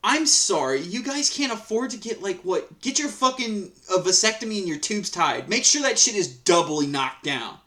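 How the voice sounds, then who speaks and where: This Reddit story reader has a high, sharp-toned voice and is very animated, moving at a moderate pace with few pauses. His casual commentary is profane and heated, and his rants keep restarting as he rambles along.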